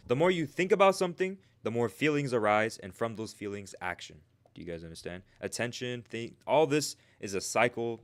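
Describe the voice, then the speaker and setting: A man coaching live on a stream in a casual, slangy way, ending nearly every sentence with "right?" and talking back to the chat. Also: lowish voice. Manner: slangy and talkative, answers chat. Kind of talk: casual livestream teaching.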